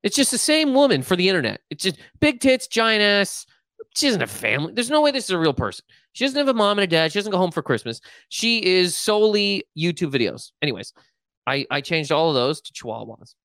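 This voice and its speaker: A man's voice: sits high, very animated, brisk, a bit bright, dry recording. Profane man riffing comedic stories. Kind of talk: casual comedic chat.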